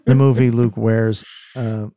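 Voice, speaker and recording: Guy hosting a podcast, dry mic, stubborn deadpan banter. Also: mid-range voice, measured pace, no room sound. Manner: dry, stubborn, rejecting picks. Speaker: podcast host. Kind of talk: casual chat.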